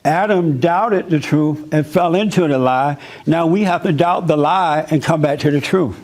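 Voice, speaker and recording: A male pastor delivers a loose, humorous sermon in a conversational tone and circles back over his points. His voice sits on the higher side for a man. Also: normal speed, darkish tone. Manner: conversational, joking, repeats himself.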